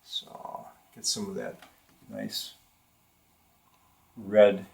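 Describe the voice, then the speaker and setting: This older man teaches watercolor live in an art studio with a model present, talking through his thinking as he paints. His low, creaky voice is very animated yet very slow, he pauses often, and his sentences regularly trail off before he starts them again.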